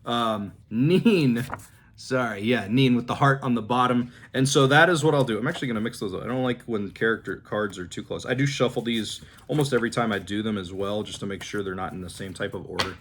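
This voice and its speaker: A man in a casual vlog, relaxed and rambling, thinking aloud with fillers and restarts while he shows his flashcards. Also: lowish voice, quick pace, hardly any pauses, slightly rough. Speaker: language-learning vlogger. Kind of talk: casual demonstration talk.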